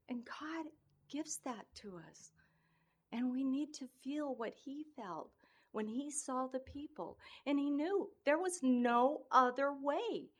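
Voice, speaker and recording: A woman delivers an informal sermon in a slightly raised voice, earnest and deeply emotional. She talks slowly and deliberately, breaking off and restarting her phrases as she goes. Between her own words she reads from scripture. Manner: earnest and emotional, often tearful in tone; speaks in halting phrases with many restarts. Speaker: speaker sharing a devotional message.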